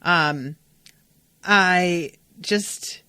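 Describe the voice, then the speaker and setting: Woman host, fast casual episode recap, lots of swearing and asides, slightly low voice, dry recording. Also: smooth, no room sound. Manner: animated, profane, digressive. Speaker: podcast host.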